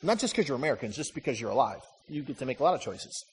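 A middle-aged man preaching a sermon as a pastor, telling stories with lively ups and downs and driving home short repeated lines. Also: mid-range voice, very fast, breathy edge, in a large hall. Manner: animated storytelling with punchy repeated lines.

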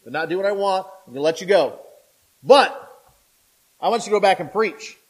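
A man's voice: high voice, lively intonation, fairly quick, husky, low-quality recording. A man voicing an angel who frees prisoners and speaks to them in a casual, plainspoken way. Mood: instructing. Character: matter-of-fact angel freeing prisoners.

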